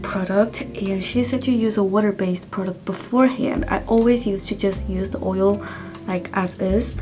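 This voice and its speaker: A woman in her twenties talking casually to camera for a vlog, soft-spoken and slipping into whispers. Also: mid-range voice, steady tone, measured pace, music in the background. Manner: soft-spoken, drifts into whispers, tearful at times. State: tearful. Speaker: vlogger.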